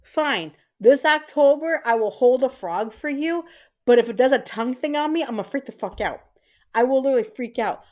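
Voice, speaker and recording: A woman's voice: high voice, normal speed. A woman in her thirties hosting a live stream, chatting casually and telling stories with lots of swearing. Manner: animated, profane storytelling. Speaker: livestream host.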